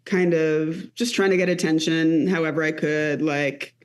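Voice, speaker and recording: A woman in her late thirties, a comedian guest, chatting casually on a podcast in an animated, rambling way. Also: sits low, a little slow. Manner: animated, rambling with many fillers.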